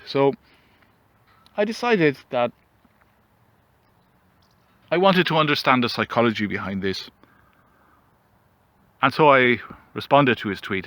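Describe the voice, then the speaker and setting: A man delivering a mock-dramatic comedic monologue outdoors, mock-solemn and rambling, with theatrical pauses. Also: mid-range voice, lively intonation, sharp tone, no echo. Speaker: commentary vlogger.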